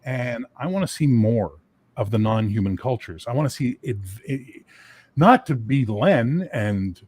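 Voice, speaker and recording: A man chatting casually on a gaming panel, opinionated and lively, now and then dropping into comic accents. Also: mid-range voice, unhurried, no room sound. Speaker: game designer on a panel. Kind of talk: casual podcast chat.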